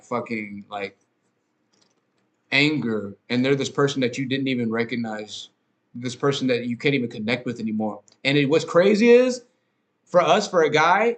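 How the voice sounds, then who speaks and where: A man hosting a podcast, ranting in a casual, rambling monologue with frequent swearing, fillers and restarts. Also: mid-range voice. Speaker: podcast host.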